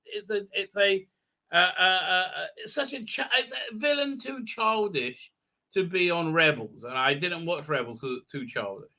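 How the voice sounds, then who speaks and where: Bright-voiced man ranting on a livestream. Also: sits high. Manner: rambling, full of halting fillers and restarts. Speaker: livestream host. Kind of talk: ranting show recap commentary.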